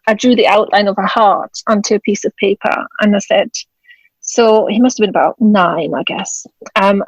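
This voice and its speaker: A woman's voice: medium pitch, no room sound, rough recording. A woman from Germany, a guest on an interview podcast, telling a personal story in casual conversation and acting out the dialogue. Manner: storytelling, acts out quoted dialogue. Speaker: guest, author and widowed mother. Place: home, in Scotland.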